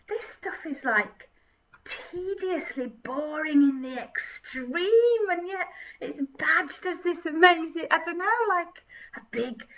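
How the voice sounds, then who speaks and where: A woman giving mocking, giggly comedic commentary with theatrical asides. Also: sits high. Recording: distant mic, dull lo-fi sound.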